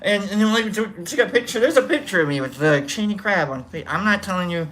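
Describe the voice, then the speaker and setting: A host spins a rambling, casual story and bursts into acted-out shouts along the way. The voice swoops high and low with lively pitch. The tone is bright and forceful. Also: fast, slight background noise. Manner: rambling, animated, acts out scenes with shouts. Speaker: show host.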